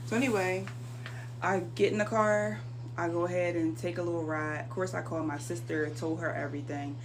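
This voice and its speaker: A woman's voice: on the low side, steady tone, fairly quick, background noise. A woman telling her own story in a casual, emotional storytime monologue, repeating phrases for emphasis.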